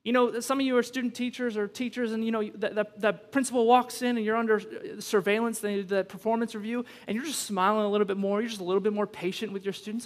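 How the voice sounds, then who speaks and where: A high-pitched American man preaches in an emphatic, conversational way, mixing humor with growing urgency. His voice rings out with a long reverb, as if he is in a big church sanctuary. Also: steady tone, fast, fairly bright tone. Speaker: pastor. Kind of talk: sermon. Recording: long reverb from a large hall.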